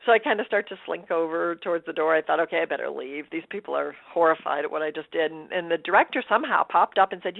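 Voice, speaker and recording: A woman telling her story as a radio interview guest, animated and laughing, acting out her own thoughts. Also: sits low, fast, vocal fry, few pauses, no echo. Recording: dry tinny phone line.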